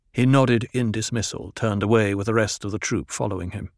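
A man narrating an audiobook in a calm, measured reading style. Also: on the low side, creaky, dry recording, clean studio sound. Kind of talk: scripted narration.

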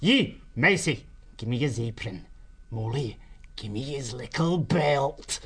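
An actor playing a cruel, sly male water rat villain who threatens in rough grammar. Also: medium pitch, animated, takes it slowly, a bit bright, exaggerated voice. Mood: menacing. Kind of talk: audiobook character voice.

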